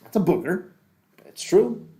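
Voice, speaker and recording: A man's voice: sits high, big pitch swings, a little slow, warm tone. A middle-aged man, a pastor, teaching a leadership class in a casual, rambling, joking way with many restarts.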